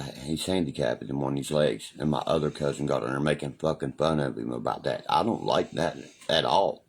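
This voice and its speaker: A man's voice: a bass voice, gravelly, darkish tone, slightly rough. A young man from West Virginia with a West Virginia accent, ranting and boasting on a casual livestream, swearing freely and often asking "you know what I mean". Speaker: live streamer.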